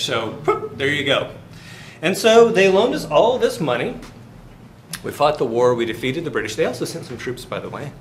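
A very animated man with a fairly high voice lectures on finance at a university, keeping a moderate pace. He quizzes students and spins jokey stories, and the recording has classroom echo and faint hiss.

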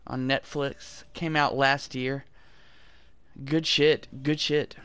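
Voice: mid-range voice, level tone, slow pace, fairly bright tone, clear, resonant tone. A streamer giving rowdy, profane commentary while playing a shooter game, trash-talking enemies and breaking into bits of song. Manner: bursts into singing lines between kills. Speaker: gameplay streamer. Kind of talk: casual gameplay commentary.

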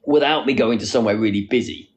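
Sitting outdoors on a wall, a man talks into his phone during a live stream, casually reading viewers' comments aloud and answering them. His voice is medium in pitch and he speaks quickly.

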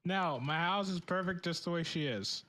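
A man's voice: high-pitched, normal speed, bright, forceful tone. A young man chatting with a friend while playing a game, full of crude banter, cursing and laughing. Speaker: friend and co-player. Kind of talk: casual chat while gaming.

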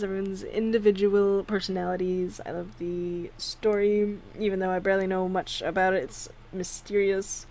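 A woman's voice: mid-range voice, fairly even intonation, moderate pace, a little mellow. A young woman casually commenting on her game play, chatty and giggly, yawning between remarks. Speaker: gaming video host. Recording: game music behind voice.

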